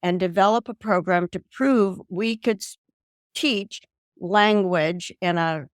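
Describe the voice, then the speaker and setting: A woman's voice: medium pitch, slow pace, dry recording, studio quality. An older woman from the American South, telling her story as an interview guest over a video call. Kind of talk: casual interview talk.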